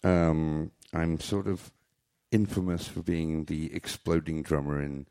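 A man's voice: very deep voice, little pitch movement, takes it slowly, dark tone, clear, resonant tone, no echo, studio quality. A man telling comic stories about his life on stage at a small club, rambling and joking at his own expense. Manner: rambling, joking, self-mocking. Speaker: storyteller. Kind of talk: live comic storytelling.

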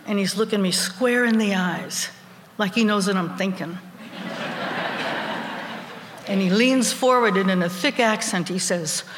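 Animated woman storyteller in an echoey hall. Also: medium pitch, measured pace, long pauses, slight background noise. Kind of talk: live personal storytelling.

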